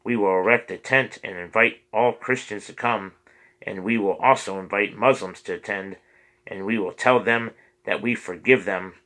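A man's voice: on the low side, normal speed, bright, forceful tone, poor audio. A man reading the lines of an earnest priest who pleads with his congregation for peace. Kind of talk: audiobook character reading.

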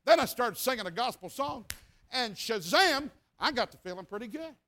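A man, a revival preacher telling a folksy, animated story in a sermon and acting out sounds and voices. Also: extremely high pitch, moderate pace.

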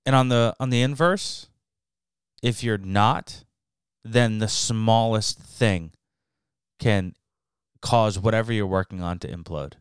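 Smooth low-voiced podcast guy. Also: slow pace, no echo, clean studio sound. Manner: relaxed, agreeable, casual slang. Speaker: podcast co-host. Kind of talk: casual podcast chat.

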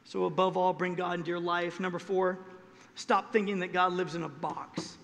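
Male pastor, high-pitched, dramatic sermon delivery with loud-soft swings, long church reverb. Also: level tone, moderate pace.

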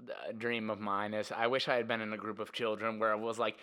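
Bright-voiced man, rambling casual chat. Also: on the low side, flat delivery, quick pace. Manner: rambling storyteller, swears, puts on voices for quotes. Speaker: podcast guest.

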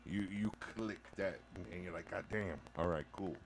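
A man co-hosting a casual podcast, playful and quick to laugh, stumbling and restarting as he talks, switching into now and then. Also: low-pitched, slight background noise. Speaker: podcast co-host. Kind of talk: casual banter.

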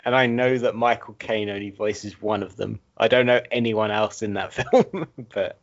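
A man's voice: on the low side, normal speed, dull audio. A man ranting and joking in casual podcast banter, swearing often and laughing a lot. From England. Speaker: podcast co-host.

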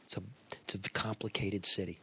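A man's voice: sits low, little pitch movement, fairly quick, pushed and bright, slightly rough. A man from Detroit hosting a talk show, blunt, profane and joking in casual chat.

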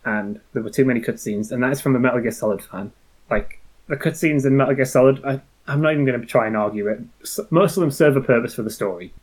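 A laid-back man chatting about a game with friends. His voice sits at an ordinary middle pitch and wanders as he corrects himself mid-sentence. His humor is wry. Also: fast. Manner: rambling, self-correcting, wry. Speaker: podcast co-host. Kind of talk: casual review chat.

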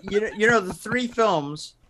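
A man co-hosting a podcast in casual chat, halting and repeating words as he gathers his thoughts. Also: high-pitched, animated, bright, forceful tone, a little hiss or hum. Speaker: podcast co-host.

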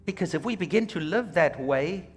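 A man with a high, slightly rough voice preaches a sermon at a normal speed. He is an animated pastor who exhorts his church and calls for amens, and he slips into quoted voices.

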